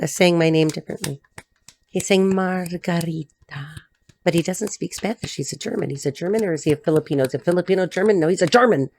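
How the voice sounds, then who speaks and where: A woman's voice: fairly low pitch, vocal fry, a little mellow, a little hiss or hum. A woman from the United States giving a chatty, blunt tarot reading, swearing freely as she talks. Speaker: tarot reader. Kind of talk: casual solo tarot reading to camera.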